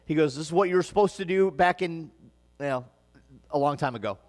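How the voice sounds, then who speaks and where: Man, pastor, Midwestern accent, higher-pitched voice, earnest sermon, long church reverb. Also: a little fast. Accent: Midwestern American. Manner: earnest, conversational preaching with rising emphatic passages. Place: church sanctuary.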